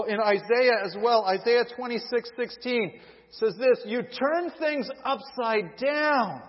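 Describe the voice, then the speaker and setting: High-voiced guy preaching in a big echoey hall, kinda muffled audio. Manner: reads scripture, acts out quoted voices. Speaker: pastor. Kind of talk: sermon. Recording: dull lo-fi audio with long hall reverb.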